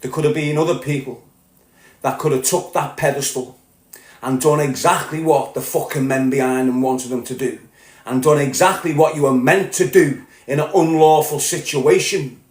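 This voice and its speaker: Liverpool guy ranting, swearing loads, fairly high voice, echoey room. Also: steady tone, moderate pace. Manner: heated, sweary, rising to shouting. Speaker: podcast host. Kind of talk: angry monologue rant.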